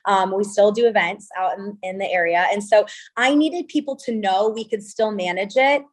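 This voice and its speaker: A woman in her thirties from California, a venue owner telling stories in an interview, chatty and animated with lots of quoted dialogue. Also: mid-range voice, moderate pace. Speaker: venue owner and wedding designer. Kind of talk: interview conversation.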